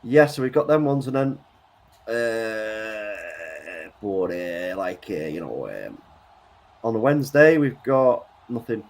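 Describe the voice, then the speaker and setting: A man co-hosting a football watchalong, talking in a relaxed, hesitant way with plenty of fillers. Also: lowish voice, takes it slowly. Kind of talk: casual live match chat.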